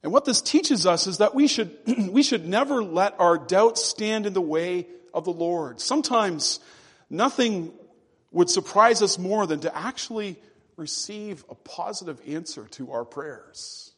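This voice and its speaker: A male pastor delivers a sermon in a high, light voice, leaning hard on key words and slowing down to stress them. His voice rings with the long reverb of a church sanctuary. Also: expressive, slightly rough. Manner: emphatic preaching with slow, drawn-out stresses.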